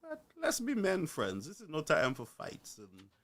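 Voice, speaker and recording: A man's voice: fairly high pitch, huge pitch swings, a little slow, a bit bright. A man, ranting on a live stream, preachy and full of rhetorical questions.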